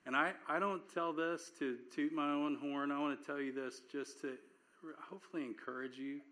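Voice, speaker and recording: A man's voice: on the high side, fairly even intonation, normal speed, sharp tone. A man preaching in a conversational sermon, telling a personal story earnestly with frequent restarts.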